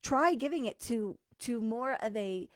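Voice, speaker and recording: Woman spiritual coach, higher voice, dry close sound; emphatic and blunt, keeps checking in with viewers on a live stream. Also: lively intonation, a little slow, dry recording. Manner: casual and blunt, swears now and then.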